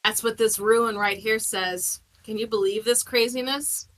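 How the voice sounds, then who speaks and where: A woman's voice: a little high, steady tone, a little slow, fairly bright tone, poor audio. A woman player at a tabletop game, playful and giggly, hesitant with fillers. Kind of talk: casual tabletop play.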